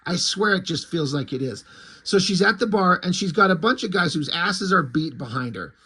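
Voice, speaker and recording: Man, comic review commentary, swears casually, amused, slightly high voice. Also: lively intonation, moderate pace, pushed and bright, slightly rough. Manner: profane and amused.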